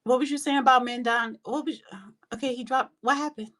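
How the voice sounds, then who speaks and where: Here she speaks in a high-pitched, slightly bright voice, a little fast, with fairly even intonation. As host of a live audio room, she calls on speakers and rants bluntly about politics, swearing plenty and scolding as she goes in this casual, heated exchange.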